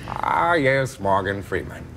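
A comedian doing a slow, measured narrator impression. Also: male voice, fairly low pitch, expressive, fairly bright tone. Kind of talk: comic impressions. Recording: noisy background.

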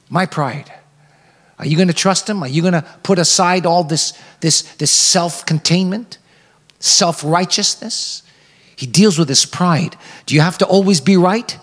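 A man preaching a sermon as pastor, animated and acting out quoted characters. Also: a little high, big-room sound. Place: church sanctuary.

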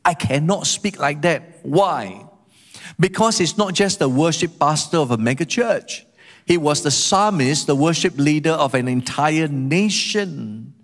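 A man's voice: on the high side, lively intonation, measured pace. A man, a guest pastor, preaching a sermon emphatically and asking the congregation rhetorical questions. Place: church sanctuary. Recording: reverberant church hall.

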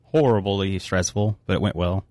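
Brief: male podcast co-host, low voice, dry close sound, relaxed and jokey. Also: normal speed, dry recording. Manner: laid-back, swearing, joking. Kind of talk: casual chat.

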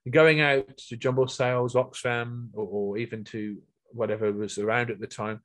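A man's voice: mid-range voice, level tone, moderate pace. A middle-aged man reminiscing earnestly in a talk, often restarting and repeating words. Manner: earnest, many restarts and repetitions. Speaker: guest speaker.

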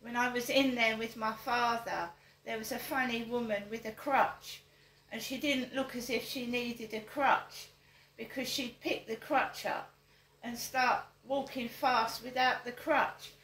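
A woman's voice: fairly high pitch, fairly even intonation, a little slow, fairly bright tone, echoey room, slight background noise, poor audio. An older woman, talking straight to camera, stressing her points and repeating them as rhetorical questions. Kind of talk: direct-to-camera monologue.

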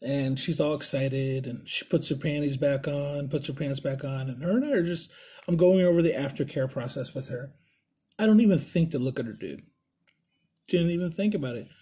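Man telling a crude story, husky. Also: normal speed. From Puerto Rican family. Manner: animated, crude, jumps into high voices for quoted people. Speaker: vlogger telling stories. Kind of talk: casual storytelling, profane. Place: Las Vegas.

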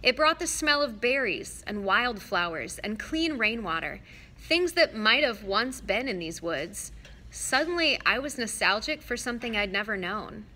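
Bright-voiced woman reading a novel. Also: on the high side, unhurried. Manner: steady, expressive storytelling. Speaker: audiobook reader.

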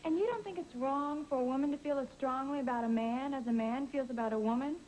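A woman's voice: high voice, fast talker, a little mellow, slight background noise, close to an everyday voice, low-quality recording. An actor playing a repressed woman in a studio sitcom, coy and blunt. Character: repressed woman turning boldly forward. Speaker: sitcom character, a lonely divorcee on a date.

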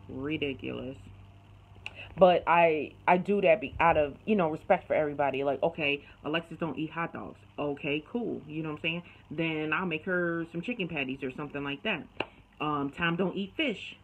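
A woman's voice: sits low, low-quality recording. A woman vlogger chatting casually to her phone camera in a home kitchen, rambling and calling her viewers y'all.

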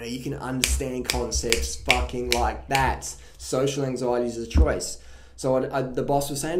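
A man giving casual, blunt and profane advice, telling animated stories about his own past. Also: medium pitch. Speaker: vlogger. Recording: roomy echo.

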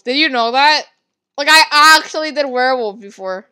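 A woman giving casual, excitable commentary while playing a game, gasping and rambling. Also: sits high, normal speed. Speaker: gaming video creator.

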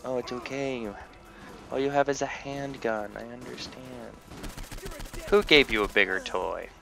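Young male let's-player, unhurried, gravelly, goofy trash talk. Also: mid-range voice. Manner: goofy, playful trash talk to game characters. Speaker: let's play gamer. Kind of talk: casual gameplay commentary. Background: game music and gunfire.

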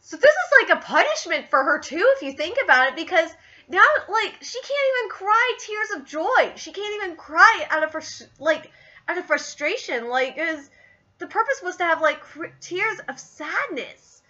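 A woman who is sick, streaming a casual live reaction and gushing excitedly as she reads along. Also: very high voice, normal speed, highs cut off. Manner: gushing, excitable, squeals over scenes.

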